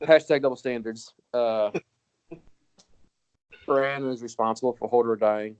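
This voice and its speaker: A man's voice: medium pitch, fairly even intonation, unhurried, darkish tone, clear, resonant tone. A man co-hosting a casual podcast, ranting with lots of swearing and frequent laughter. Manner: ranting, profane, laughs often. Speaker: podcast co-host.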